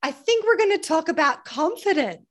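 A woman podcast host and coach with a mixed, mostly Australian accent, upbeat and quick to laugh. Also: very high-pitched, big pitch swings, a bit bright. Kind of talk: podcast interview.

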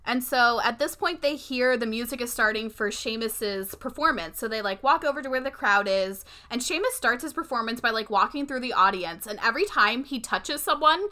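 High bright-voiced woman recapping casually. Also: brisk, few pauses. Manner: conversational, retells scenes step by step with filler likes. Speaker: podcast co-host. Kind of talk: casual chat recapping a movie.

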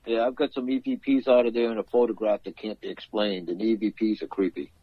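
A man co-hosting a casual podcast, speaking hesitantly with frequent pauses. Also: on the low side, little pitch movement, breathy edge, no room sound, highs cut off. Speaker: podcast co-host. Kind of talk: casual chat.

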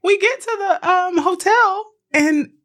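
A young woman co-hosting a casual podcast, telling stories with animated energy and frequent laughter. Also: very high-pitched, a little slow. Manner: animated storyteller, laughs often. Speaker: podcast co-host. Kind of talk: casual chat.

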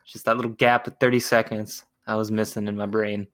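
A man's voice: lowish voice, level tone, fairly quick, a bit bright. A man hosting a casual podcast chat about a cartoon, asking the others questions and joking. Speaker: podcast host.

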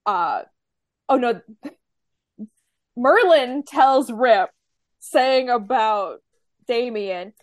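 A woman's voice: a little high, lively intonation, very slow, long pauses, no room sound. Wry woman podcast co-host. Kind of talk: casual chat recapping a TV episode.

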